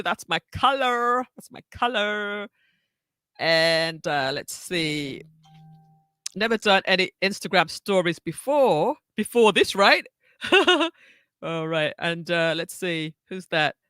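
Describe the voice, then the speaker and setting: A woman's voice: lowish voice, expressive, unhurried, bright, forceful tone, smooth, no room sound, studio quality. A woman teaching social media on a live stream, chatting with viewers, greeting them by name and repeating her phrases. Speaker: social media tutor hosting a live session. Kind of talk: live-stream tutorial chat.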